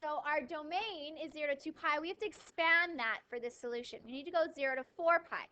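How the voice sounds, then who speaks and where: A woman teaching a math class, lively, asking questions and answering them herself, with a touch of dry sarcasm. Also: sits high, fast talker. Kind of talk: classroom lecture.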